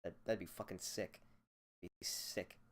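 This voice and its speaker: A man's voice: low voice, steady tone, a little slow, a bit bright. A young man hosting a solo podcast, ranting in a profane, rambling, sarcastic way into a desk microphone. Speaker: podcast host.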